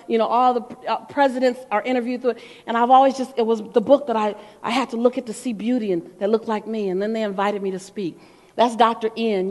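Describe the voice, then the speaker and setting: A middle-aged woman giving an animated motivational talk to a live audience, playful and calling out to the crowd. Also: fairly high pitch. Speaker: motivational speaker. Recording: long hall reverb.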